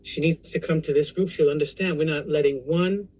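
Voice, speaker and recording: A woman's voice: sits low, a little fast, low-quality recording. A woman in a weight loss support group, chatting on a video call and acting out the voices in her story. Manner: animated storyteller, acts out quoted voices. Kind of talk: casual video call chat. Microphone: computer mic on a video call.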